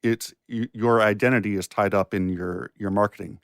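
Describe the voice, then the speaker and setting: A man's voice: lowish voice, steady tone, moderate pace, no room sound, studio quality. A man co-hosting a podcast, chatting reflectively with many restarts. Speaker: podcast co-host and producer. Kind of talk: casual podcast chat.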